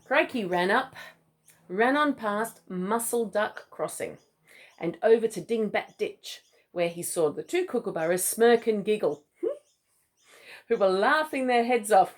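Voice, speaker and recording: A woman's voice: mid-range voice, lively intonation, a little slow. A mother reading a picture book aloud to her child, playful, with chatty asides.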